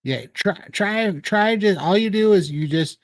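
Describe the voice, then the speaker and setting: A man's voice: high voice, expressive, unhurried, dry recording. A man co-hosting a casual livestream chat over a video call, talking loosely with frequent laughs and rambling asides. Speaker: co-host of a livestream show.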